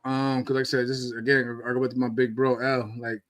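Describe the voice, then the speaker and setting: A man's voice: mid-range voice, flat delivery, a little fast, no echo. A man, a former boxer co-hosting a podcast, talking in loose, slangy casual chat with many restarts.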